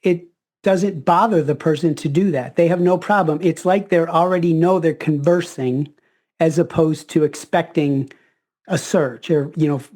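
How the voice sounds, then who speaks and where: Podcast host thinking out loud, mid voice, easygoing. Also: mid-range voice, fairly even intonation, moderate pace. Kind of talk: casual conversational interview.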